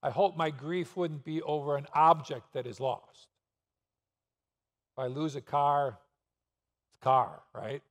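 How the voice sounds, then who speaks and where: A man's voice: fairly high pitch, fairly even intonation, measured pace, pauses often. A man pastor preaching a sermon in a church, asking rhetorical questions and pressing points with sudden emphasis. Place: church sanctuary. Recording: long reverb of a church hall.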